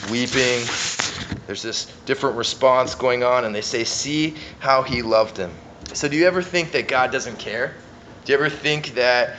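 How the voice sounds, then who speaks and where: A man preaching a sermon, reading scripture aloud and swinging between emphatic stress and quiet, hushed lines. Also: medium pitch, normal speed, slight background noise, rough recording. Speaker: pastor.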